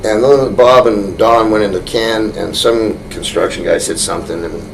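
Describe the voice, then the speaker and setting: A man as an interview guest, telling a rambling anecdote full of restarts, often chuckling and getting animated. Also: on the low side, normal speed, creaky, noisy background.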